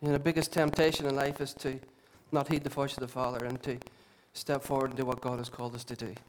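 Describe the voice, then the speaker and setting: A man, a lead pastor preaching a sermon with impassioned, repetitive emphasis and quieter asides. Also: medium pitch, level tone, fast talker, a little hiss or hum. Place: church hall.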